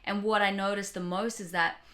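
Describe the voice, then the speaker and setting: A woman's voice: mid-range voice, fairly even intonation, brisk, a bit bright. A young adult woman co-hosting a podcast, talking candidly and reflectively in casual chat. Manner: candid, reflective, laughs often. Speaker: podcast co-host.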